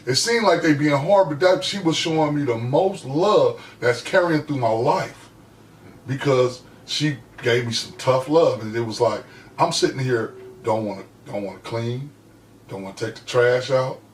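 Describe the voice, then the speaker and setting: Man telling a heartfelt story, goes loud then quiet, sounds kinda far from the mic, faint hum behind. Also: mid-range voice, moderate pace. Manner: heartfelt, emphatic, swings between loud and hushed. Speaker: podcast co-host. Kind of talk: casual chat, personal storytelling. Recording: echoey room, voice from off-mic.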